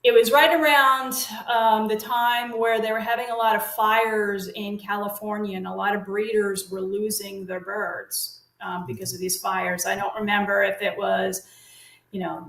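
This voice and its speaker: A woman's voice: medium pitch, little pitch movement, measured pace, creaky, a bit bright, roomy sound, low-quality recording. A middle-aged woman telling long casual stories as an interview guest, rambling with fillers and restarts. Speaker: guest, parrot consultant. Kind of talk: casual storytelling chat.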